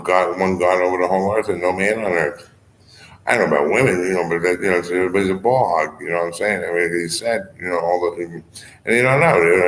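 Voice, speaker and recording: A low-voiced man rambles on in a loose monologue, wandering from one thought to the next and padding it with "you know" and "I mean." He chuckles here and there. His voice rings in an echoey room over a faint hum of ambient noise. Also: a bit bright. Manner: digressive, fills speech with "you know" and "I mean", chuckles often.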